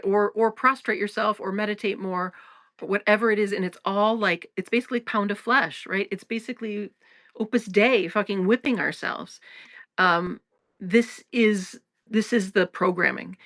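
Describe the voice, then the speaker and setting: A woman's voice: mid-range voice, a bit bright, no room sound, clean studio sound. A woman hosting a spiritual talk in a casual, frank way, swearing freely, laughing often and restarting her sentences. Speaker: spiritual teacher and podcast host.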